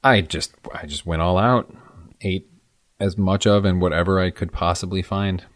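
A man tells stories in relaxed, easy conversation, clearly enjoying himself. His voice sits very low. The sound is close and dry, with no room echo. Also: normal speed. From American Midwest. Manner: chatty, enthusiastic storytelling. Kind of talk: casual chat.

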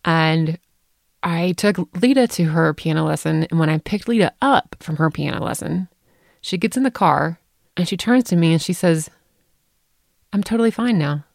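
A woman's voice: low voice, normal speed, creaky, no echo, studio quality. A middle-aged woman, a podcast co-host, telling a family story in casual chat and acting out the voices she quotes. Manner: animated, acts out quoted voices.

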